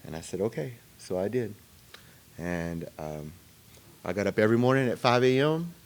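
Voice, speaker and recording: A man with a low-leaning voice and lively intonation talks about his recovery to a meeting in a meeting room. He tells it in a loose, conversational way, with frequent fillers and pauses.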